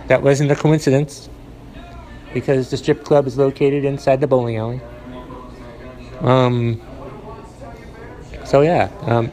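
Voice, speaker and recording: Solo podcast host, New man, mid-pitched, rambling deadpan delivery, lots of ums and restarts. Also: poor audio. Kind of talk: casual solo podcast monologue.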